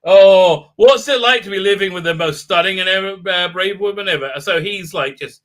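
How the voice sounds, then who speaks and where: A man's voice: high-pitched, a little fast, few pauses, a bit bright. A man hosting a live-stream review, rambling and sarcastic, with many stalls and restarts. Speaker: host and reviewer.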